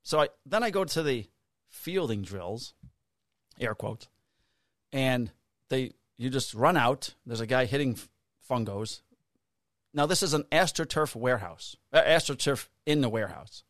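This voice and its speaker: A man's voice: medium pitch, a little slow, pauses often, dry recording, studio quality. A man in his fifties, a podcast co-host, telling a long casual story with swearing and acted-out dialogue. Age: 50s. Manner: profane, animated storyteller acting out dialogue.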